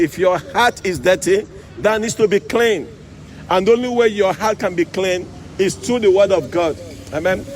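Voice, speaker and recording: A man with a high voice preaching outdoors beside a road. He keeps asking his listeners "Amen?" and "you see?", while loud traffic noise runs under the whole recording. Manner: call-and-response, repeated "Amen?" and "you see?". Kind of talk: street sermon. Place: outdoors by a road with passing cars in the rain.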